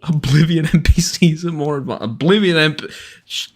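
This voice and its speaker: A man's voice: a little high, brisk, slightly rough. Rambling, sarcastic male game streamer. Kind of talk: live let's-play commentary.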